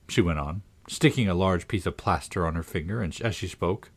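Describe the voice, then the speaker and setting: A man's voice: low-pitched, brisk, hardly any pauses, slightly rough. A man narrating a children's classic aloud, reading expressively and dramatically. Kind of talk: storybook narration.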